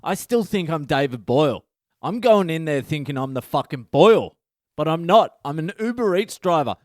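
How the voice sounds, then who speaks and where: A man's voice: fairly high pitch, expressive, normal speed, darkish tone, dry recording, clean studio sound. A middle-aged man, hosting a comic podcast and telling a story in a brash, swear-heavy monologue. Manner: swears constantly, brash and exaggerated. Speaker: comedian podcast host.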